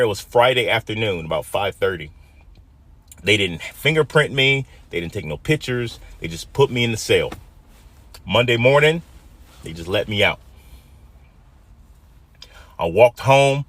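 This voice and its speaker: A man in his fifties from Detroit tells a personal story in an emotional, dramatic way, dropping to a hush and then rising loud. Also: on the low side, no echo. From Detroit, USA. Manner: emotional, dramatic retelling that swings from hushed to loud.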